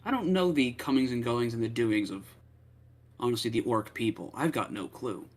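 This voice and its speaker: A man's voice: mid-range voice, normal speed. A man speaking as his character in a tabletop game, hesitant and thinking aloud. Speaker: player. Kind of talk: casual in-character role-play.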